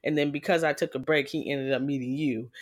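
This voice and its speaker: A woman casually telling a personal story in a frank, profane and animated way, jumping in pitch as she retells moments. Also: fairly quick.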